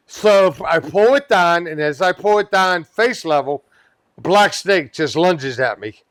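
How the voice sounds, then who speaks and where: A man's voice: a little high, expressive, unhurried, fairly bright tone, dry recording. A pest control worker, a man, telling a wild work story on a comedy podcast, swearing freely and laughing as he goes. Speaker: podcast guest. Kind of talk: animated storytelling.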